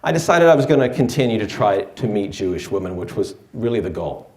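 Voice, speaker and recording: A man's voice: lowish voice, big pitch swings, brisk, darkish tone. Wry man telling a story in an echoey room. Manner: wry, self-deprecating delivery. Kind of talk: live personal storytelling.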